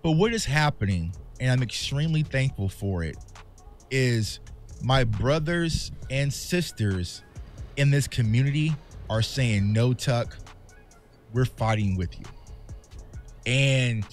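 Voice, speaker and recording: A man's voice: medium pitch, animated, slow pace, soft background music. A man who makes sports videos, speaking candidly and passionately to his viewers in a vlog monologue. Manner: impassioned, candid, calls viewers "y'all". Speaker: sports content creator. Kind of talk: emotional vlog monologue to fans.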